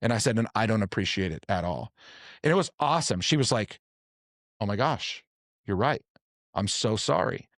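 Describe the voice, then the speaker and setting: A man's voice: fairly low pitch, expressive, moderate pace, long pauses, fairly bright tone, no room sound, clean studio sound. A man hosting a casual group conversation, steadily recounting a personal story and the dialogue in it. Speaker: host.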